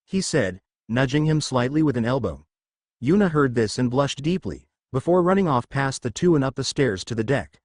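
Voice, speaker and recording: A man narrating a fan fiction story in a steady storytelling voice. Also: medium pitch, normal speed, dry recording, clean studio sound.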